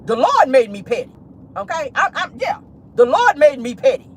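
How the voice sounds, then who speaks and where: A woman's voice: high voice, big pitch swings, normal speed, slight background noise. A woman talking straight to her viewers in a sassy, petty vlog commentary, calling them "honey" and "y'all". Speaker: YouTube commentary host. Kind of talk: casual commentary vlog from a car. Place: parked car.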